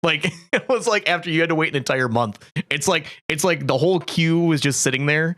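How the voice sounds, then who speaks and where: A man's voice: on the high side, brisk, fairly bright tone, dry recording. Hesitant man in casual chat. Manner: hesitant, many restarts and fillers.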